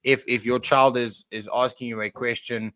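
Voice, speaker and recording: A man's voice: medium pitch, little pitch movement, moderate pace, pushed and bright, dry recording. A man who is a guest on a podcast, speaking bluntly and often repeating words as he starts a thought. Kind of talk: casual podcast chat.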